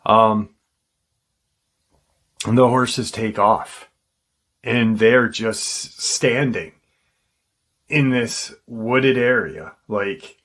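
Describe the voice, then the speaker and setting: Speaking at a fairly low pitch with a fairly bright tone, the host of a paranormal channel casually recounts a witness's encounter, stumbling with frequent ums and restarts.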